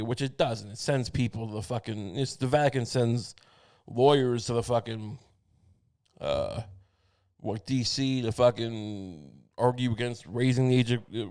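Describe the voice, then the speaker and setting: A man's voice: medium pitch, a little mellow, smooth. Man, solo podcast host, comedic rant, swears a lot, rambles and restarts sentences. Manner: profane, rambling, frequent restarts.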